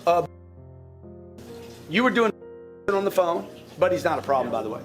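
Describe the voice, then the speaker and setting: A man's voice: high voice, very animated, a little slow, long pauses, fairly bright tone, faint music behind. A man coaching his sales staff in a live group session, blunt and profane, often repeating words as he restarts a thought. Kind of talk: blunt motivational coaching talk to a team.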